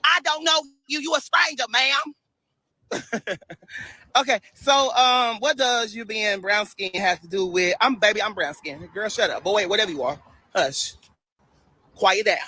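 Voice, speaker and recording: A man livestreaming a preachy monologue, loud and animated, sassy and dismissive toward his commenters. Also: high voice, normal speed, low-quality recording. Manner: loud and animated, bursts into shouts and laughter.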